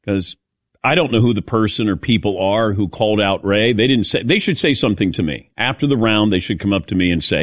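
A man's voice: lowish voice, lively intonation, brisk, no echo, studio quality. A man hosting a casual sports talk show, telling stories in a chatty, sarcastic way. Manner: chatty storyteller with a sarcastic edge. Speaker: radio sports talk host.

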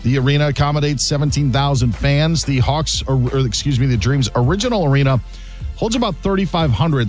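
A man delivering a sports news update in a steady, matter-of-fact way. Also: mid-range voice.

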